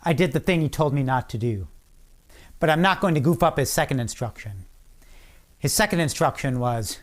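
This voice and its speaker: A middle-aged man giving a commencement speech, telling a personal story with dramatic pauses and acted-out shouts. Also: mid-range voice, lively intonation. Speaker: commencement speaker.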